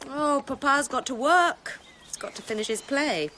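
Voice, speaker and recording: An actress playing a gentle, motherly Victorian wife calling her family. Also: high voice, lively intonation, normal speed, noisy background.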